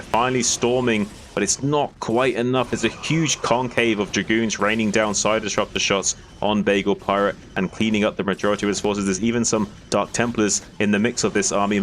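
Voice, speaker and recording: A man's voice: lowish voice, slight background noise. Man calling a strategy game match. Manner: excited, quick play-by-play. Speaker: esports caster. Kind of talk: play-by-play commentary.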